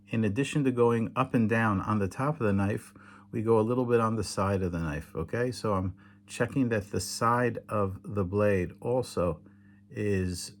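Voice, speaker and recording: A tired man explains a hands-on demonstration late at night, patient and halting, with many fillers and self-corrections. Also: lowish voice, slight background noise. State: tired, yawning. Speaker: teacher demonstrating kosher slaughter. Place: home indoors in Israel, at night.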